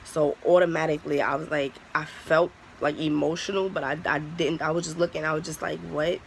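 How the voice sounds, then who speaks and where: A young adult vlogger talks straight to camera in a loose storytime style, blunt and full of swearing. The voice has a gravelly, creaky edge and sits in a middle pitch. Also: steady tone, fairly quick, slight background noise, rough recording. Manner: candid, profane, heavy use of "like". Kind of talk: casual storytime vlog.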